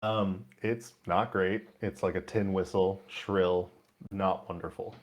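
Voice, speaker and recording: A man narrating a tabletop game as game master in a relaxed, descriptive way. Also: sits low, slow.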